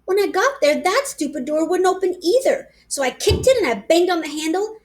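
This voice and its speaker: A woman reads a children's storybook aloud, bouncing through the lines in a bright, high voice. Her pitch leaps and dips playfully as she gives the tale a childlike energy. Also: fairly quick. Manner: lively, playful child's-voice narration. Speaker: reader.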